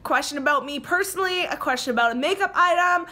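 Bright, high-voiced chatty woman vlogger. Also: expressive, fast talker. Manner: chatty and upbeat, explaining giveaway rules. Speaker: beauty YouTuber. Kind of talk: casual chat to camera.

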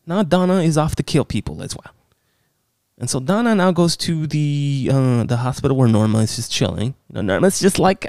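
A man's voice: fairly high pitch, sing-song, normal speed, a little mellow, dry recording, clean studio sound. A man recapping a horror film in a casual, sarcastic, exasperated way, swearing often.

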